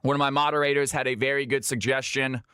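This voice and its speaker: A man's voice: medium pitch, little pitch movement, fast, pushed and bright, smooth, no echo, studio quality. A man from Georgia in the US, hosting a live stream and calling custom games with a hyped announcer delivery. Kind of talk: live game commentary.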